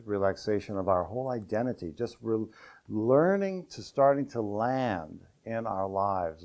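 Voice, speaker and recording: A man, an enneagram teacher, explaining principles in a calm, measured cadence. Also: fairly low pitch.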